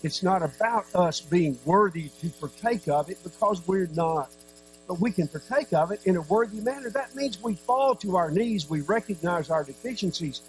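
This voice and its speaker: A man preaching a sermon, with a voice pitched a little higher than most men's. He speaks earnestly, with dramatic pauses and sudden drops to a soft voice. A faint mains hum sits behind him. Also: animated, poor audio.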